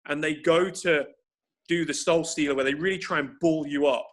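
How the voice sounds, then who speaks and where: Over a video call, a man explains breathing techniques for grappling, thinking aloud and restarting often. His voice is a little high and steady, at a moderate pace.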